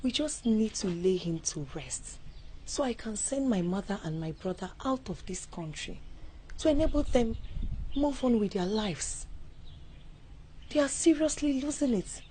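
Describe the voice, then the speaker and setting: An actress playing a worried daughter who pleads earnestly. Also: female voice, medium pitch, animated, a little slow, mellow, a little hiss or hum, close to an everyday voice. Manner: earnest, urgent. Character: worried young woman, protective daughter. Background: background music.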